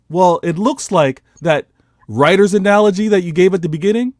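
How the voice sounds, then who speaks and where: Animated high-voiced man arguing football. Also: brisk, dry recording, clean studio sound. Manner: animated, argumentative, pleads for his turn to speak. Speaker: football podcast panelist. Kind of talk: heated football debate.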